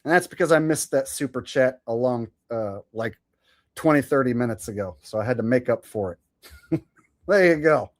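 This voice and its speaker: A man's voice: medium pitch, animated, normal speed. A man in his forties hosting a live stream in casual chat, reading out viewer messages. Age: 40s. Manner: chatty, reads viewer messages aloud. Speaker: streamer host.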